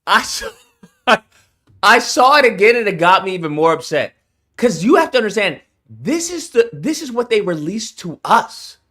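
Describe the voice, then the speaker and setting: A man's voice: sits high, big pitch swings, normal speed, bright, forceful tone. A man streaming a reaction, ranting heatedly and profanely to his viewers. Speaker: streamer reacting to a game showcase. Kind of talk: casual reaction rant.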